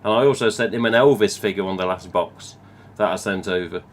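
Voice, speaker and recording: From home, a man from England with a Midlands accent and a lowish voice rambles through a casual live stream, reading viewer comments, swearing freely and drifting between topics. He speaks briskly, with faint room hiss behind him.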